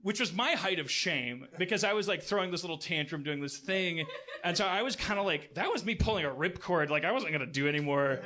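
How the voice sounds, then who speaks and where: Profane, stammering comic storyteller, high-pitched man. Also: lively intonation, brisk, bright, forceful tone. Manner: profane, self-deprecating, stammering restarts. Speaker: podcast host. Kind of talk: comic storytelling on a live podcast.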